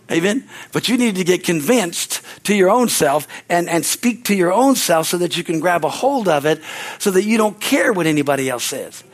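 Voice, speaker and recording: A man's voice: sits high, expressive, measured pace. A man preaching as pastor, rambling and repeating words, often calling out amen. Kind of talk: sermon.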